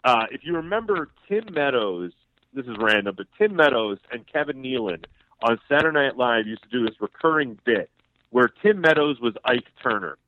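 Male phone-in guest, mid-pitched voice, relaxed rambling anecdotes, tinny phone line. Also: moderate pace, slight background noise. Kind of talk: casual chat, storytelling.

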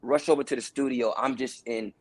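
Guest storyteller, male, husky, close dry sound, animated delivery. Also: medium pitch, brisk, no echo. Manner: animated, acts out other people's lines. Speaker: guest actor telling a career story. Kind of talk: casual storytelling.

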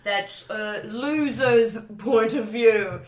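A woman's voice: on the high side, extremely slow, far from the mic. A woman improvising a hammy guest who puts on a celebrity impression, in a comedy podcast. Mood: showy. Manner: hammy, playful. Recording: echoey room, voice off-mic.

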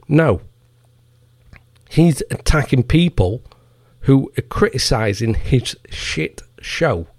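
A man's voice: medium pitch, vocal fry, a little mellow, dry recording, studio quality. A man hosting a podcast, ranting in a profane, heated and mocking way. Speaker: podcast host. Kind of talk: ranting commentary.

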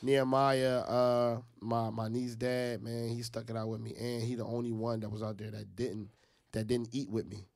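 A man speaks at an everyday middle pitch, with a rough, gravelly edge in his voice. He tells a personal story in relaxed conversation. He slips into the voices of the people in it as he goes. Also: normal speed. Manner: animated, acts out other people's lines. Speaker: guest telling a personal story. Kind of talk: casual storytelling.

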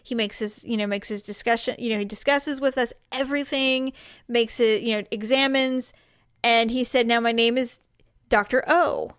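A woman co-hosting a podcast, telling a funny story about herself in a lively, self-mocking way. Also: a little high, moderate pace, clear, resonant tone, dry recording, studio quality. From Mexican heritage. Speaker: podcast co-host. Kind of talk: casual chat, storytelling.

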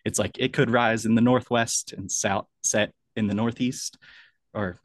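A man's voice: fairly low pitch, fairly even intonation, a little slow. A man appearing as a guest author on a podcast, explaining his ideas in a loose, rambling way and laughing often. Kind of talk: casual interview answers.

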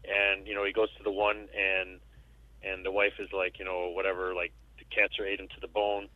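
A man's voice: low voice, completely flat delivery, brisk, dry recording. A man chatting casually as a podcast guest, rambling loosely and slipping into goofy impressions. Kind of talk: casual chat. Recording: tinny phone-like sound.

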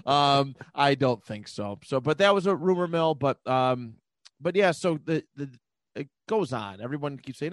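A man's voice: mid-range voice, lively intonation, normal speed, no room sound. A man co-hosting a podcast, rambling loosely through casual sports chat, laughing often and swearing now and then. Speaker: podcast co-host.

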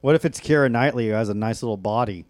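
A man's voice: mid-range voice, quick pace, darkish tone, dry recording, clean studio sound. A man co-hosting a comedy podcast, asking provocative questions and joking in casual banter. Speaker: podcast co-host.

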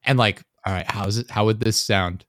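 A young man co-hosting a podcast, rambling casually and dropping deadpan jokes. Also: fairly low pitch, brisk, no echo, clean studio sound. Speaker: podcast co-host. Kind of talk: casual chat.

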